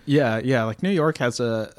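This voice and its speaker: A man hosting a podcast in casual chat, rambling and halting with many restarts. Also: medium pitch, no echo, clean studio sound. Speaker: podcast host. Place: New York apartment.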